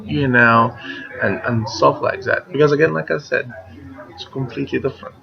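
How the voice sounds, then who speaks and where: Interviewee, man, 30s, non-native English, gravelly, lively storyteller, lo-fi with crowd behind. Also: medium pitch, normal speed. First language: not English. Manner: animated storyteller, acts out quoted voices. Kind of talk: casual interview talk. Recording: lo-fi recording with crowd noise behind.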